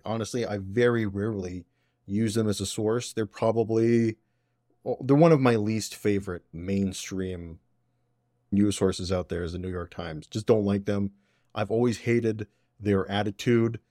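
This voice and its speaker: Guy doing political podcast commentary, kinda low voice, dry sound, sarcastic. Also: a little mellow, dry recording. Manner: opinionated, sarcastic, quick asides. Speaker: podcast host.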